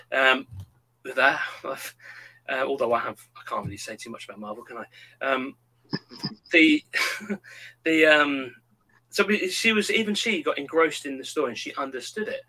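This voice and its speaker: A man's voice: mid-range voice, poor audio. A man in his thirties, chatting casually and acting out quotes as he tells stories. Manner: animated storyteller, acts out quotes. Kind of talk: casual chat.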